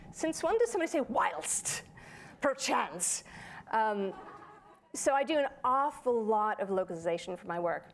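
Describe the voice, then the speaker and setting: A woman voice actor giving a lively, playful talk on a conference panel. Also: mid-range voice. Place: conference hall.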